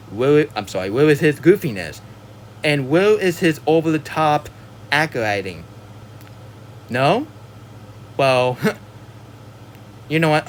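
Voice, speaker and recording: Male movie reviewer, mid-pitched, frustrated rambling rant with lots of stumbles, faint background noise. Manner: exasperated, rambling, stumbles over words and apologizes. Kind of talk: ranting film review monologue.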